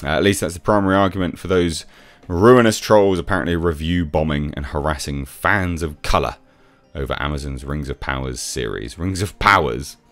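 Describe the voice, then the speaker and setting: A man's voice: rumbling low, moderate pace, few pauses, fairly bright tone, dry recording, soft background music. A man giving a sarcastic, exasperated commentary rant as a reviewer. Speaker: YouTube reviewer. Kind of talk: ranting commentary.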